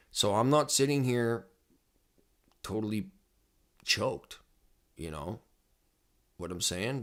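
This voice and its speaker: A man giving casual, rambling commentary on crypto charts as a trading educator, excitable and prone to repeating himself. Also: sits low.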